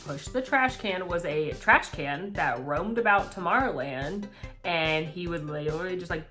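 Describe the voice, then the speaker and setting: Low-voiced rambling woman. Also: normal speed, faint music behind. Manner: rambling, animated storytelling. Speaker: panelist. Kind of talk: casual chat.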